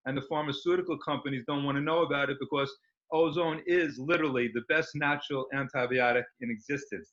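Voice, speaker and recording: A man's voice: medium pitch, a bit bright. Eager rambling man on a dull recording. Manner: rambling and enthusiastic, many fillers. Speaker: guest. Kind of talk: casual interview talk.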